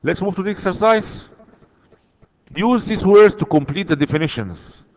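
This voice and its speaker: A slightly high-voiced man teaching English online, working patiently through the exercises. He repeats key words and answers for his students. His voice trails a long reverb. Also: lively intonation, normal speed, a little mellow.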